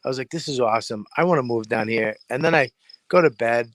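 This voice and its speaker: A man co-hosting a podcast in casual chat, a profane, animated storyteller who acts out noises. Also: medium pitch, fast talker, dry recording. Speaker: podcast co-host. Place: home in New Hampshire, crickets behind.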